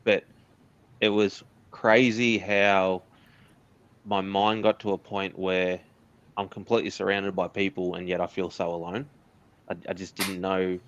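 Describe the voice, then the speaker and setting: Australian man, interview guest, candid and earnest, lowish voice, muffled lo-fi sound. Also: flat delivery, a little slow. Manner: candid, earnest storytelling with laughs. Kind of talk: casual interview chat.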